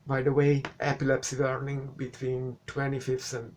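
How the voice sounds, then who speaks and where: A man's voice: mid-range voice, completely flat delivery, normal speed, a little mellow, a little hiss or hum. A man whose first language is not English, giving a casual, sarcastic spoken movie review and swearing now and then. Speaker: film reviewer.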